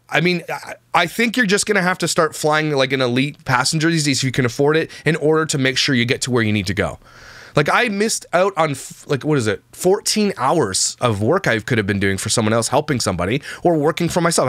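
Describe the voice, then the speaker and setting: A man's voice: on the high side, a bit bright, dry recording, studio quality. A young man telling a story to his channel in a casual, exasperated rant, with frequent restarts and voices for the people he quotes.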